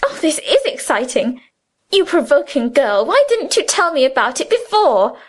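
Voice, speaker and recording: A woman voicing a cool, sharp-eyed schoolgirl who questions eagerly. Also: high-pitched, big pitch swings, moderate pace. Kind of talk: audiobook character reading.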